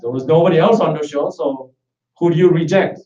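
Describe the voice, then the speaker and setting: Man hosting, joking, halting delivery, slightly high voice, echoey room. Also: dark tone. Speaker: host. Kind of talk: casual live-stream chat. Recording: roomy, distant, dull live-stream audio.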